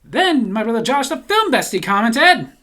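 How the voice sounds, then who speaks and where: A man reads out viewer comments and answers them with dry, deadpan humor. His pitch swings widely as he hams up the longer comments, then drops flat for the punchlines. It's casual, jokey channel chat. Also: moderate pace. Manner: laughs at his own jokes.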